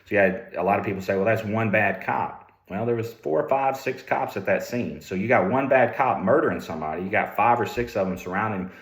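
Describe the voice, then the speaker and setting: A middle-aged man with a very low voice tells stories from his years as a trooper, loose and conversational, often circling back and restarting his words. The room around him is roomy and echoey. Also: fast, few pauses. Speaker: police ethics lecturer, former trooper. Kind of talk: candid storytelling. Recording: roomy echo.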